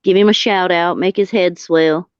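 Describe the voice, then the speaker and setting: A woman's voice: fairly low pitch, steady tone, moderate pace, clear, resonant tone, no room sound. A woman with a Southern US accent, a guest on a live stream, folksy and full of homespun sayings. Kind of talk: casual live stream chat. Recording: dull dry lo-fi audio.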